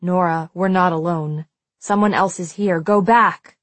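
A woman's voice: fairly low pitch, steady tone, a little slow, no echo, close to an everyday voice. A woman reading an audiobook, voicing the narrator's father as he gives urgent, commanding warnings.

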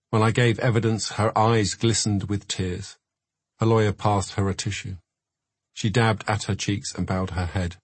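A man reads a memoir aloud in a measured, reflective way, his voice low and a little husky. The recording is dry and close, like a studio booth. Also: no room sound. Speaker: narrator. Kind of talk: memoir audiobook narration.

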